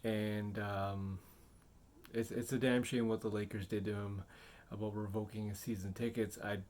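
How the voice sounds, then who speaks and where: Male sports vlogger, low voice, rambling casual commentary. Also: flat delivery, moderate pace, a little mellow. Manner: rambling, hesitant with many fillers. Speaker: sports video creator.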